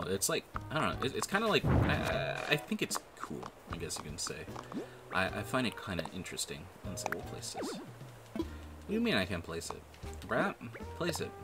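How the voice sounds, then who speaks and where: A man giving casual, rambling gameplay commentary, with lots of fillers and swearing. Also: low voice. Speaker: gaming video creator. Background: background music.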